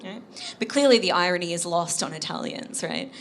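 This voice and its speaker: A woman's voice: on the low side, wildly swooping pitch, fairly quick. A woman in her thirties with an Australian accent, performing a chatty stand-up set on a live comedy stage. She keeps dropping "right?" as a tag at the end of her lines.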